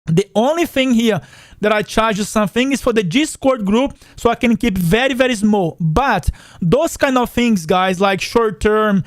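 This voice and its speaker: A man's voice: sits high, animated, moderate pace, dry recording, clean studio sound. A man who is not a native English speaker, hosting a finance channel and chatting casually through viewer comments, repeating himself and often calling his viewers "guys". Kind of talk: casual livestream chat reading comments.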